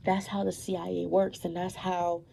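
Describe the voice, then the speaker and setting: A woman's voice: lowish voice, flat delivery, normal speed, creaky, warm tone, slight background noise, rough recording. A young woman telling a long story about her mother in a casual monologue, emphatic and repetitive with many fillers and an accusing edge.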